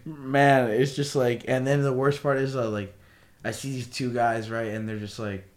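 A young man chatting casually on a podcast, relaxed and chiming in with short replies. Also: mid-range voice, normal speed. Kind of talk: casual chat.

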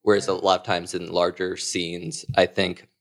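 Low gravelly-voiced male comedian. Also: level tone, normal speed. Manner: thoughtful, laughs often, quoting himself in asides. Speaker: sketch comedian. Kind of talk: casual interview chat.

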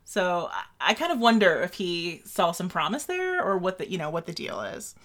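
A woman's voice: lowish voice, sing-song, moderate pace, fairly bright tone. A woman co-hosting a podcast, chatting casually about literary history with lots of fillers and giggles. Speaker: podcast co-host.

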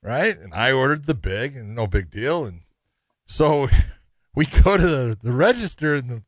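Animated middle-aged man telling fight stories. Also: medium pitch, unhurried, no room sound. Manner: animated storyteller, laughs while telling. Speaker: co-host of a fight talk show. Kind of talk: casual chat and fight analysis.

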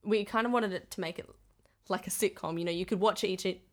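A woman's voice: mid-range voice, fast talker. An Australian woman chatting casually as a guest about making a children's podcast, talking readily and laughing easily. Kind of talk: casual interview chat.

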